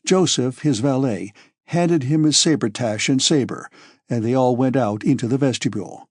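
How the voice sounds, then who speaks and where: Husky male audiobook narrator. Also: mid-range voice, normal speed, dry recording, clean studio sound.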